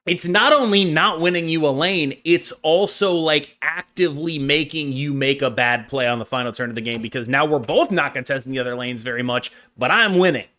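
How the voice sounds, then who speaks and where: A man hosting a podcast, explaining card game strategy in a casual, animated, rambling way. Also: on the high side, a little fast, hardly any pauses. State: brief coughing fit. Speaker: podcast host.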